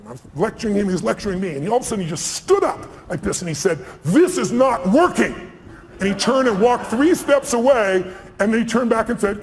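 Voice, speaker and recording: A man telling stories to a live audience at a rapid clip, with a slightly high voice. He leans hard into each point and acts out the quotes. The sound carries a long hall reverb and faint room ambience. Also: slight background noise. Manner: fast, emphatic storyteller, acting out quotes. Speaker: speaker on stage. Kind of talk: stage conversation, storytelling. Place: large event hall with audience.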